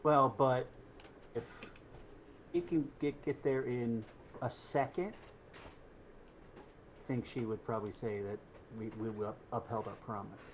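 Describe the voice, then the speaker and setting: A man playing a tabletop game, playful and quick to laugh, planning with his party. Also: medium pitch, fairly even intonation, slight background noise. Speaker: player. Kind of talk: tabletop game chat in character.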